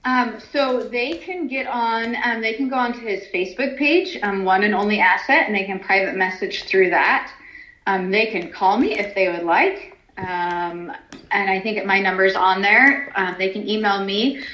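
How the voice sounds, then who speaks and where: A woman's voice: medium pitch, normal speed, a bit bright. A chatty woman, talking as a horse trainer in a casual interview. She laughs often and fills her speech with ums and restarts. The recording sounds roomy and slightly muffled. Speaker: horse trainer and stallion owner.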